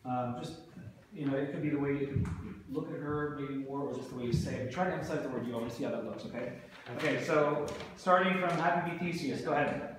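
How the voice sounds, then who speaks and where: A man's voice: mid-range voice, fast talker. A male drama teacher coaching students through a rehearsal, encouraging and asking many questions. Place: school rehearsal space. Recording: very echoey room, faint noise.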